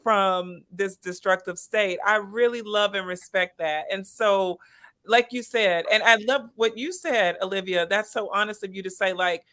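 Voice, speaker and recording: A woman host of a talk show reacts to her guests with enthusiastic affirmation. Her voice is bright and mid-pitched, and her phrasing is expressive and emphatic. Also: moderate pace. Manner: affirming and enthusiastic, with frequent "yeah" and "mm-hmm". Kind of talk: interview conversation.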